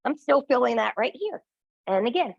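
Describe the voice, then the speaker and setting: A woman's voice: a little high, very animated, moderate pace, creaky, a little mellow, slightly rough, dry recording, dull audio. A woman instructor guiding a Pilates class, counting reps and giving encouraging cues, a little out of breath. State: slightly out of breath.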